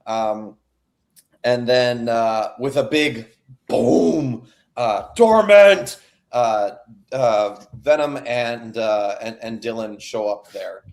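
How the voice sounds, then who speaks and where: A young man talks through a comic book issue for his podcast co-hosts. He rambles, fills gaps with "uh" and "like", and slips into quick voices for the characters. His voice sits in an ordinary middle pitch. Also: a little mellow. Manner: rambling, filler-heavy, acts out character lines. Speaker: podcast co-host. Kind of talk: casual comic book recap.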